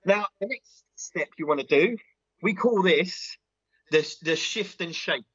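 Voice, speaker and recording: A clueless big diet guru, husky and bright. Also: male voice, high-pitched, lively intonation, a little slow, no echo, lo-fi sound, full character voice. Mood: instructive. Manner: earnest instructor patter, tags lines with "yeah?" and "right?". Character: self-styled male diet guru, big, earnest and clueless. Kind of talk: comedy sketch acting.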